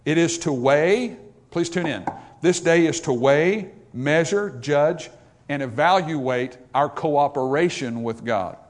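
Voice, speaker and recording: A man takes his time preaching an emphatic sermon in a fairly high voice. He lifts into loud, raised passages and falls back to quiet asides, reading scripture in old-fashioned wording.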